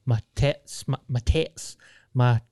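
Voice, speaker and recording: A man's voice: mid-range voice, takes it slowly, warm tone, dry recording, clean studio sound. A young Scottish man telling rambling, sweary stories in a casual podcast chat. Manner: rambling, sweary storytelling with frequent restarts.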